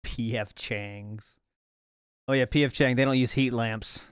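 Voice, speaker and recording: A man's voice: medium pitch, fairly even intonation, measured pace, clear, resonant tone, dry recording, studio quality. A man hosting a casual livestream watch party, reading chat aloud, swearing freely and laughing often. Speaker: podcast host. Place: home studio.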